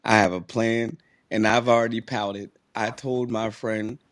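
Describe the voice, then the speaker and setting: A man co-hosting a podcast, chatting excitedly and repeating himself for emphasis. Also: on the low side, a little slow, dry recording. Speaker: podcast co-host. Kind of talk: casual chat.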